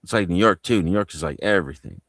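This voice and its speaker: A man's voice: sits low, quick pace, a bit bright, no room sound. A man from New Jersey on a live panel, telling loose stories full of street slang and swearing. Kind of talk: casual live panel chat.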